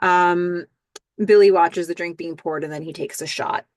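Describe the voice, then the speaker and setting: A woman's voice: fairly low pitch, fairly even intonation, normal speed, a little mellow, no room sound. Chatty woman recapping a TV episode. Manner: chatty, stammers and restarts, acts out quoted lines. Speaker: podcast host. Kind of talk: TV episode recap, casual narration.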